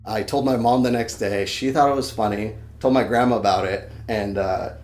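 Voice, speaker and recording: A man's voice: lowish voice, normal speed, soft background music. Man telling a story, echoey room. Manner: animated, swears freely, acts out his own shouts. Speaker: podcast guest. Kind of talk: casual storytelling. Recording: echoey room, faint background noise.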